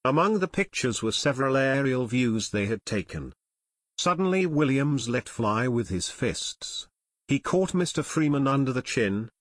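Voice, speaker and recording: Guy reading an audiobook, steady storytelling, mid pitch, dry close sound. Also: no echo. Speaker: audiobook narrator. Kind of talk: scripted audiobook narration.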